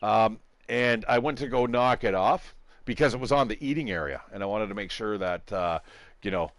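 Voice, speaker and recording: A man's voice: medium pitch, no echo. A middle-aged man giving casual, rambling gameplay commentary, swearing and laughing a lot. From Southern Ontario, Canada. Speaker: gaming channel host.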